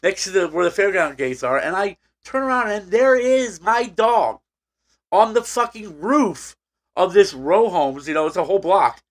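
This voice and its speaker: In a casual podcast conversation, a male co-host with a high-pitched, animated voice tells a long, wandering story at a moderate pace, stopping to restart and using lots of fillers.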